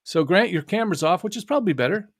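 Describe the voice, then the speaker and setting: Chatty laughing host, slightly high voice. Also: male voice, expressive, fast, no echo, studio quality. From United States. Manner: chatty, laughing, loose with fillers. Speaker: host and author. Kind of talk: casual live stream chat.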